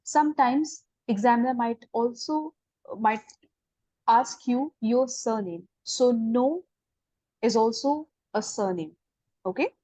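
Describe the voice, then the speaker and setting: In an online language class, a woman with an Indian English accent walks beginners through French, going slowly, posing questions and correcting answers with patience. Her voice is a little high and dark in tone, with no room sound.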